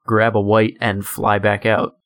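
A panelist in casual podcast chat, enthusiastic and quick to agree. The voice is mid-pitched and recorded dry. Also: monotone, a bit bright, no echo.

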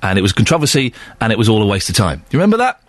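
A man presenting a chatty local radio phone-in, animated and full of stammering restarts. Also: on the low side, very fast, dry recording.

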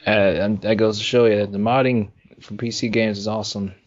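A man co-hosting a casual podcast chat about video games, rambling and halting with many fillers. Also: on the low side, little pitch movement. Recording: dull lo-fi sound.

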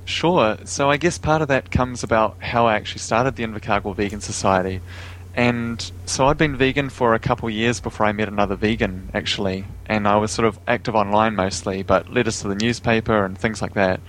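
A vegan activist with a New Zealand accent is interviewed as a guest over a remote call, talking casually in an easygoing way and chuckling often. His voice is fairly low, fairly bright and fairly quick. The recording is rough, with a little hiss or hum.

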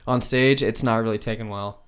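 A man's voice: on the low side, steady tone, brisk, clear, resonant tone. A young man co-hosting a casual podcast, rambling and restarting his sentences, often laughing. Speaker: podcast co-host.

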